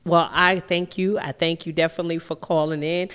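A woman's voice: on the low side, flat delivery, brisk, a bit bright, clear, resonant tone, long reverb tail. A woman hosting a call-in talk radio show, who talks emphatically, repeats her phrases and laughs easily.

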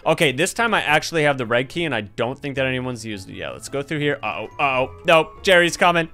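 A man's voice: mid-range voice, quick pace. A young man doing let's-play commentary of a horror game, talking to viewers and yelping at every scare. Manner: excitable, yelps and shouts at scares; talks to viewers as "you guys". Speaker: gaming YouTuber. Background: game music.

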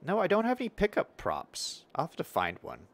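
A young streamer from the Western United States chats casually while playing a city-building game, reading viewer comments aloud. His slightly high voice swings animatedly in pitch, and he's relaxed and talkative with plenty of fillers and restarts. He speaks briskly with a creaky quality.

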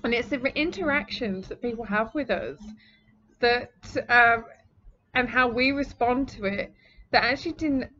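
A woman's voice: on the high side, a little slow, sharp tone, dull audio, a little hiss or hum. A woman hosting a podcast, telling a story in a casual, chatty way and laughing often. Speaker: podcast host. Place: home near the sea, indoors.

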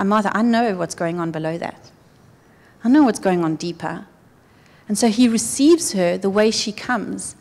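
A woman preaching a sermon in an earnest, conversational way, her voice often dropping soft. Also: medium pitch. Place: church hall. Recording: church hall with long reverb.

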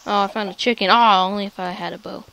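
A woman casually chatting while playing a game, playful and excitable, guiding a new player. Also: mid-range voice, fast talker, creaky, poor audio. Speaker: gameplay host. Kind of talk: casual gaming chat.

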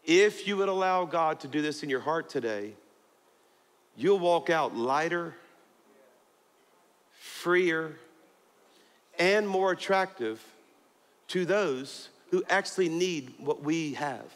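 A man preaching a sermon as pastor, telling a story with jokes and laughter and building to emphatic high points. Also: expressive, slow, long pauses, in a large hall. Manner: storytelling, joking, rising to emphatic peaks. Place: church auditorium.

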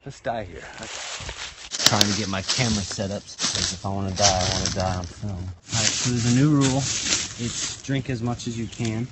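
A man's voice: lowish voice, normal speed. Young man vlogging outdoors, noisy. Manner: dramatic, jokey, complaining. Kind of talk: casual vlog commentary. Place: outdoors in woods.

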